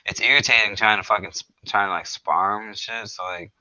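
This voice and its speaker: A man's voice: on the low side, steady tone, a little fast, bright, forceful tone, dry recording, muffled recording. A man in casual podcast chat, slangy and swearing, laughing often.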